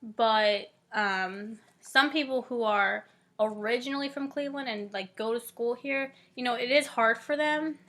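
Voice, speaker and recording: A woman's voice: a little high, a little slow, fairly bright tone. A woman in her twenties from Northeast Ohio, a college student casually explaining a theory, full of "like" and "um" fillers. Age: 20s. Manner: chatty, many "like" and "um" fillers.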